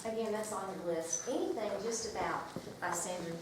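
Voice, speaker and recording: A woman's voice: mid-range voice, normal speed. Chatty woman teacher in an echoey room. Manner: lively, chatty, reads a picture book aloud. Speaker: teacher leading a workshop. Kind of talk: classroom workshop talk. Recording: echoey room from far off with noise.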